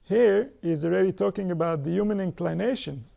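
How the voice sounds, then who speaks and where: Man, spiritual lecture, rhetorical questions, gravelly, mellow tone. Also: high-pitched, a little fast. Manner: lively, asks rhetorical questions and answers them. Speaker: spiritual teacher. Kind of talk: kabbalistic Torah lecture.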